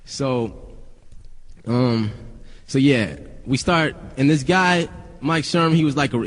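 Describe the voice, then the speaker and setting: A man's voice: mid-range voice, takes it slowly, long reverb tail. A young man, a rapper, telling stories casually to friends, swearing often and rambling with many restarts.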